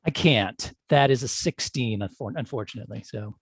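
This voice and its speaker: A man's voice: medium pitch, normal speed, slightly rough, no room sound. Dry-voiced man rolling dice. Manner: dry, matter-of-fact, counts dice aloud. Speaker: player. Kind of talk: casual tabletop game play.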